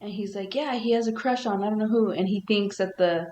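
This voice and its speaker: A woman co-host chatting casually and playfully, laughing a lot and acting out her own inner voice. Her voice is at an ordinary middle pitch. The recording sounds roomy, with faint ambient noise behind her. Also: brisk, mellow. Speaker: podcast co-host. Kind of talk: casual chat.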